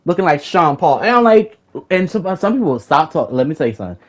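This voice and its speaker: A man's voice: fairly high pitch, very animated, fairly quick. Fired-up, foul-mouthed young man. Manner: profane, rambling, repeats himself when worked up. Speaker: gamer recounting a raid group argument. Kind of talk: heated casual storytelling.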